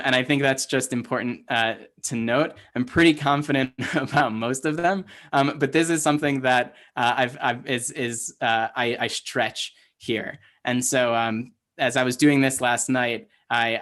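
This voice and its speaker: A man's voice: mid-range voice, a bit bright. A man teaching an online class, explaining step by step, quizzing his learners and using many fillers. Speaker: Hebrew teacher.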